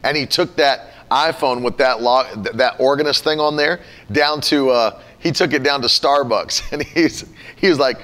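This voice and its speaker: A man with a fairly high voice talks like a casual preacher. He is animated, breaks into laughter, and slips into quick imitations of other people to make his point. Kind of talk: casual teaching talk.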